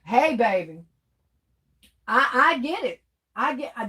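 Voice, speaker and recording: A woman's voice: on the high side, very animated, takes it slowly, long pauses, sharp tone, breathy edge. A woman hosting a casual livestream, chatty and laughing often as she reads viewer comments aloud. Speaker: livestream host reading chat.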